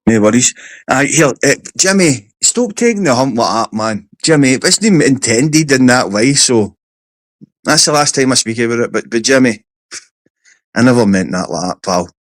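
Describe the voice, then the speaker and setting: A man's voice: mid-range voice, moderate pace, dry recording. A Scottish man hosting a livestream, chatting casually and telling stories with lots of swearing. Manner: sweary, animated storytelling. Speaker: livestream host. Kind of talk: casual stream chat.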